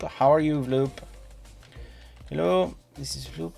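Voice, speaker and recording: A man's voice: on the high side, slow, gravelly, long pauses, faint music behind. A man casually chatting while streaming a game, playful and talkative, teasing the creatures on screen. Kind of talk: casual gameplay stream chat.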